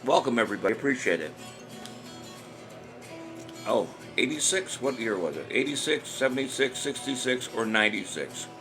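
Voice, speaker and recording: A man's voice: mid-range voice, expressive, moderate pace, long pauses. An older man casually hosting a live-stream trivia show, chatty and jokey, chuckling at his own jokes. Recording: music playing under the voice.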